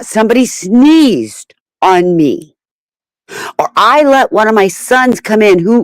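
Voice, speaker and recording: A woman's voice: mid-range voice, no echo, poor audio. A middle-aged woman on a panel, speaking with emotional, pleading insistence. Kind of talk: heated panel discussion.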